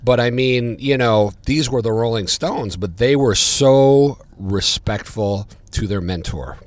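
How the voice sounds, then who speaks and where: A man, a podcast guest telling stories in casual chat, getting louder and higher as he relives them. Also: a little slow. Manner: animated, gets louder and higher when retelling. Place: diner.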